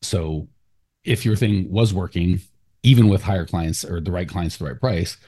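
A man hosting a podcast, coaching a client in a blunt, animated way. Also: deep voice, moderate pace, husky. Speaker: business coach and podcast host. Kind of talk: casual coaching talk.

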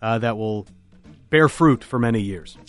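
A man co-hosting a casual podcast chat, giving opinions in a measured way with some restarts. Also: mid-range voice, faint music behind. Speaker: podcast co-host, hockey analyst.

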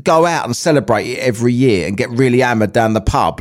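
A man's voice: mid-range voice, expressive, quick pace, hardly any pauses. A man hosting a podcast, reading out a news article and chatting casually with plenty of swearing and banter. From England. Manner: sweary, banter-filled, laughs at his own jokes. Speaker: podcast host.

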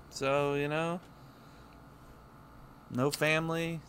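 Podcast co-host, male, bright lively voice, teasing banter. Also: mid-range voice, moderate pace. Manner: teasing, joking, swears casually. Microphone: headphones on a call.

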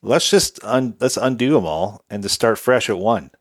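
A man co-hosts a casual podcast, talking in an easygoing, reflective way and hedging as he thinks aloud. His voice is fairly low. The sound is dry and close. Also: animated, normal speed, no room sound. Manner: easygoing, reflective, many hedges and restarts. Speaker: podcast co-host.

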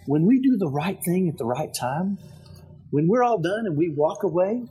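A man giving parenting advice in an energetic motivational talk, often checking in with "right?". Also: sits high, moderate pace, breathy edge, low-quality recording. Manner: energetic, keeps asking "right?".

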